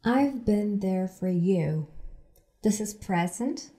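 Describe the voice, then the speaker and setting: A woman teaching English from sitcom clips, explaining phrases slowly and repeating them for learners. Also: mid-range voice, expressive, mellow. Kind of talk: explaining language lesson.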